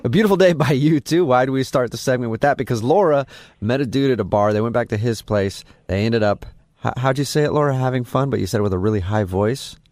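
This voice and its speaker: A man's voice: mid-range voice, fast, a little mellow, no echo, studio quality. A man co-hosting a morning radio show, joking and self-deprecating as he banters and places a call. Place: radio studio. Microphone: studio microphone.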